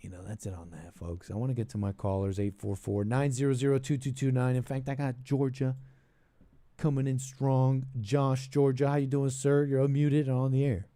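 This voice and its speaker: A man's voice: mid-range voice, steady tone, moderate pace, warm tone, dry recording. A man hosting a call-in show, giving casual political commentary in a rambling way, restarting his sentences and trailing off into asides.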